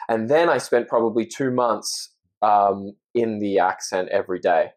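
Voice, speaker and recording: A man's voice: lowish voice, moderate pace, a little mellow. A man with an Australian accent, talking earnestly and reflectively as a guest in a casual interview, often restarting his sentences. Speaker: podcast guest, actor.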